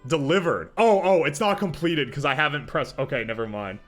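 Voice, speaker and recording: A man streaming live, chatting casually and reacting out loud, often breaking into laughter. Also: on the high side, fairly quick, soft background music.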